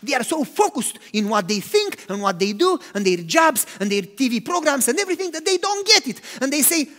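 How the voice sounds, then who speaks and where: A man preaching a sermon, animated, swinging between loud emphatic lines and hushed, quiet ones. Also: very high-pitched, a little fast, hardly any pauses. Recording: long hall reverb.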